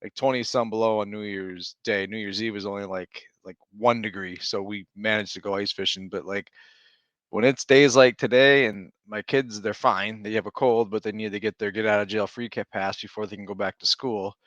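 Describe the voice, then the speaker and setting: Rambling stay-at-home dad. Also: male voice, fairly low pitch, fairly even intonation, normal speed, a bit bright, dry recording, lo-fi sound. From Minnesota. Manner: rambling, self-interrupting, laughs while telling stories. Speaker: podcast co-host. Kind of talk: casual chat.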